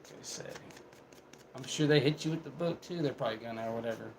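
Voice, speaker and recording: On a low-quality recording with some hiss or hum and music in the background, a young man tells rambling, profane stories in a fast, mid-range voice with vocal fry. He's laid-back and laughs his way through them.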